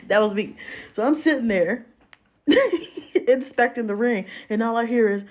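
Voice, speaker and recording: A woman telling a casual storytime about her retail job, animated and slangy, swinging her pitch up and down for emphasis. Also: slow, long pauses.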